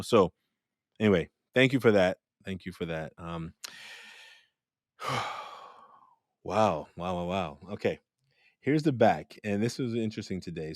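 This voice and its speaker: A man hosting a podcast, telling stories in a reflective, animated way and often checking in with "right?". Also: mid-range voice, no room sound, clean studio sound. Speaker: podcast host. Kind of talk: casual interview chat.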